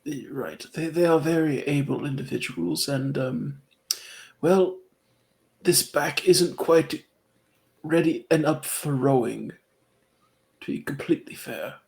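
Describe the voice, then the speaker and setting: A man's voice: a little high, animated, slow, gravelly, pauses often, a little mellow. A man playing a tabletop character, speaking politely with formal phrasing. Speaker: player.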